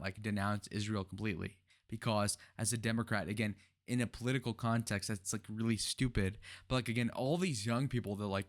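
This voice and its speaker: A young man reacting to a political interview, talking heatedly and sarcastically with profane outbursts. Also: lowish voice. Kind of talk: reaction commentary.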